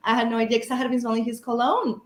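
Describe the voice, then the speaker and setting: A woman's voice: a little high, fairly even intonation, very fast. Echoey rambling woman storyteller. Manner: rambling, storytelling with many fillers and restarts. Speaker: guest paranormal investigator. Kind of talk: casual podcast chat.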